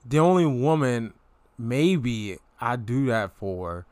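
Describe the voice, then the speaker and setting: A young man casually telling a story, animated, with slang and sudden pitch jumps. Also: takes it slowly, no room sound.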